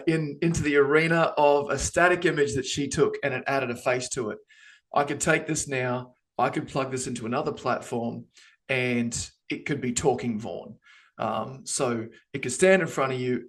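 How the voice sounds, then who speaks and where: A man talks through a live demo on a video call. He is casual and playful, rambling with frequent ums and restarts as he explains. He sounds like he is on a standard video call microphone. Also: medium pitch. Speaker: co-presenter on a webinar.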